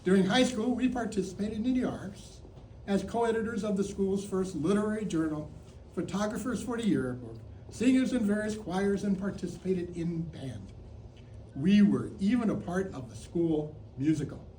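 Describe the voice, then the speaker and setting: Older man telling a lively stage story. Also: high voice, moderate pace, slight background noise. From Chicago. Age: 70s. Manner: playful, theatrical, mock sports announcing. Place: theater stage. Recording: roomy theater sound, distant mic, faint ambience.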